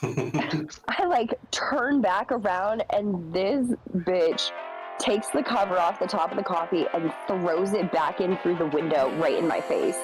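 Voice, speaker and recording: A woman's voice: on the low side, a little slow, poor audio. A young woman streamer telling a work story in casual chat, acting out the people she quotes. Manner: animated, acts out quoted voices. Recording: music playing behind.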